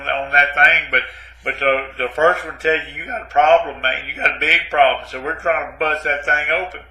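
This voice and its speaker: A man's voice: fairly high pitch, bright, forceful tone, echoey room, low-quality recording. A man playing a rambling, self-pitying ex-Navy man who stammers and keeps saying "man" in a comic monologue. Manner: rambling, repeats "man" and "but anyway", stammers.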